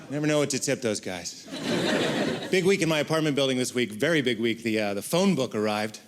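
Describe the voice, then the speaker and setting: A man doing a stand-up comedy set, telling jokes in an animated way and jumping into high mock voices. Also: normal speed, long pauses.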